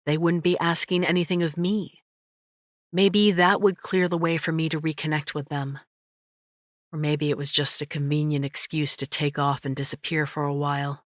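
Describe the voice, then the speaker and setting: A woman's voice: sits low, no echo, clean studio sound. Reflective woman narrating an audiobook. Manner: measured, reflective storytelling. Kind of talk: first-person audiobook narration.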